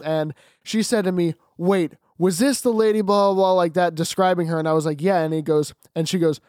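High-voiced teenage guy in chat. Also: fairly even intonation, a little mellow, no room sound, clean studio sound. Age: teens. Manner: chatty, quick to laugh. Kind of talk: casual storytelling chat.

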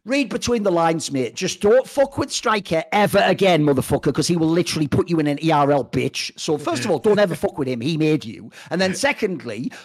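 Fast, animated man ranting profanely. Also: on the high side. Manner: addresses co-host as "mate". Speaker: esports podcast co-host. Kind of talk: opinionated casual discussion.

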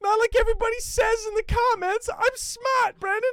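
A man putting on the voice of a whiny man insisting he is smart, in a shrill falsetto and an indignant, pleading manner. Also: fairly even intonation, normal speed, pushed and bright, no room sound, studio quality. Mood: indignant whine.

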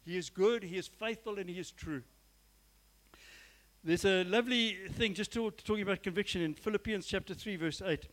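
A man's voice: high voice, moderate pace, a bit bright, low-quality recording. A man preaching a sermon in church, earnest and emphatic, often repeating his phrases and speaking straight to his listeners. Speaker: pastor.

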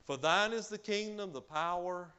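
Male preacher with a fairly high voice. Delivers an emphatic sermon that swings between loud and soft, with frequent hallelujahs. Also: moderate pace, clear, resonant tone. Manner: peppers speech with hallelujah.

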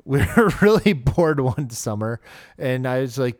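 A man's voice: mid-range voice, very animated, a little slow, dry recording, clean studio sound. A young man co-hosting a podcast, chatting casually and laughing at himself. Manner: self-deprecating, laughs at himself. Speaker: podcast co-host.

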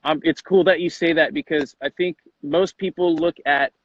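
A man's voice: on the high side, steady tone, moderate pace, highs cut off. A man hosting a casual interview, enthusiastic and slangy, often acting out quotes as he talks. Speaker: coach and podcast host.

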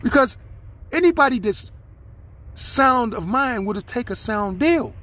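High-voiced man ranting on his podcast. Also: lively intonation, a little slow, fairly bright tone. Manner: rambling, aggrieved, talks straight at listeners. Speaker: podcast host. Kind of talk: solo podcast monologue.

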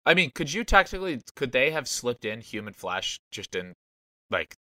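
A man's voice: mid-range voice, big pitch swings, normal speed, over a noisy crowd. A young man in casual podcast chat, musing and self-deprecating.

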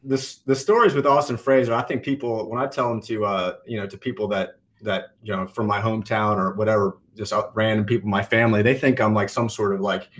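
An American man, a guest on a podcast, chatting in a relaxed way with plenty of "like" fillers. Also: fairly low pitch, a little fast, hardly any pauses. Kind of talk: casual chat.

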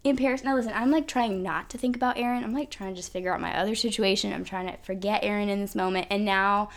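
This podcast host has a mid-range voice and talks quickly. She shares a personal story in a casual, chatty way, peppering it with "like" and "um."

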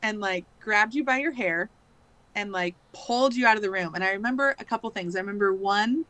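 This woman in her thirties has a medium-pitched voice, brisk and sharp in tone. Guesting on a podcast, she chats her way through a long, casual story loaded with fillers and "likes."

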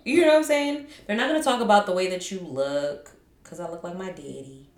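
A woman's voice: fairly low pitch, brisk. A woman co-hosting a podcast, chatting casually and ranting animatedly with laughter. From Haitian family. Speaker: podcast co-host. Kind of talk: casual chat. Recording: echoey room.

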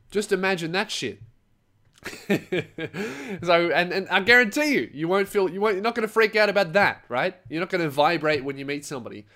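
A young man hosting his own comedy podcast, rambling and swearing freely as he tells stories. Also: on the high side. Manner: swearing, rambling, animated storytelling. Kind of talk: casual solo podcast monologue.

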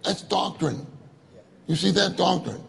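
A man preaching in a loose, conversational way, bantering and laughing with his listeners. His voice sits a touch high for a man and is heavily gravelly. He moves easily between asking the room questions and making his point. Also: animated, measured pace. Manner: chatty, joking, laughing with the audience. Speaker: conference speaker. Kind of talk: conversational sermon with audience banter.

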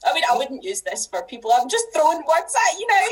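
A woman's voice: high voice, very animated, brisk, low-quality recording. A Scottish woman, a podcast guest and educator, chatting casually and laughing often as she trails off and restarts. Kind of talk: casual chat.

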